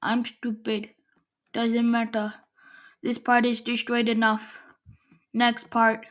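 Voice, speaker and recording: A woman's voice: a little high, completely flat delivery, takes it slowly. A woman giving casual gameplay commentary, chatting to herself while she builds. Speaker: gameplay video maker.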